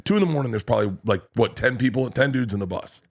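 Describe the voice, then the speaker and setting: A male comedian guest telling a profane, animated story on a podcast. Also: medium pitch, creaky. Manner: animated, swearing, quick storytelling with restarts.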